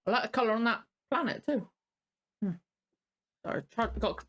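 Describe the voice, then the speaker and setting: A woman's voice: on the high side, expressive, moderate pace, a bit bright, soft background music. A tired woman hosting a reaction video, rambling casually and apologizing often. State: tired and yawning.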